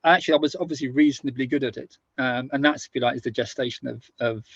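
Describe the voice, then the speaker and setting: A middle-aged man from the United Kingdom, a podcast guest telling anecdotes in a halting way, often repeating and restarting words. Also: medium pitch, gravelly, slightly rough, dry recording, highs cut off. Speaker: guest, author and former army officer. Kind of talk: casual conversational storytelling.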